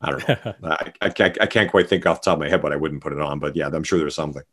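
A man's voice: a bass voice, very fast, fairly bright tone. A middle-aged man from Canada, a musician chatting casually as an interview guest, rambling with many fillers and restarts.

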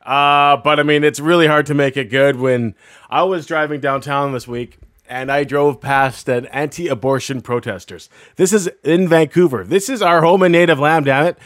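A man's voice: a little high, normal speed, no room sound, studio quality. A man co-hosting a casual podcast, joking and swearing as he talks. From Canada. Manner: profane, joking, laughs often. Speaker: podcast co-host.

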